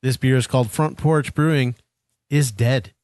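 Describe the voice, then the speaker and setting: A man's voice: mid-range voice, steady tone, normal speed, a little mellow, dry recording. A man co-hosting a podcast, introducing a beer and explaining how it was brewed in a plain, knowledgeable way. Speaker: podcast co-host reading the beer of the week. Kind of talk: casual chat.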